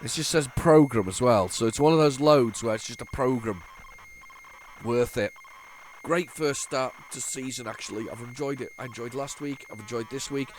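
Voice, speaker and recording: A man's voice: mid-range voice, moderate pace, slight background noise. Stuffy-nosed man rambling over gameplay. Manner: rambling, chatty, frequent restarts and repeated words. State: congested, stuffy nose. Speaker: retro gaming channel host. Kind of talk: casual gameplay commentary.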